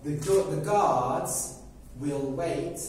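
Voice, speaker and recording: A male teacher tells a story to learners at a crawling pace, breaking it into short, simple pieces and checking in after each one. His voice sits a little high for a man. The room rings with heavy echo and the mic is set well away from him, with a faint hum behind. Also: a little mellow. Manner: very slow and simple, checking with "okay?" after phrases. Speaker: English teacher telling a story. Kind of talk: slow storytelling for language learners. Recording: very echoey room, mic far off, faint background noise.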